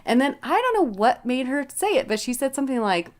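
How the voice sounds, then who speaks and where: A woman's voice: high voice, sing-song, brisk. Woman host, casual chat, rambling storyteller, laughs a lot, swears. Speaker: podcast host.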